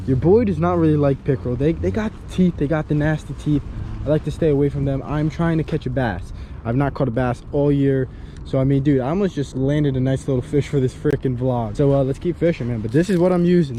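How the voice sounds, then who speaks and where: A man's voice: mid-range voice, warm tone, a little hiss or hum. Slangy young male vlogger. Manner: slangy, laughing often, rambling. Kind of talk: casual vlog chat.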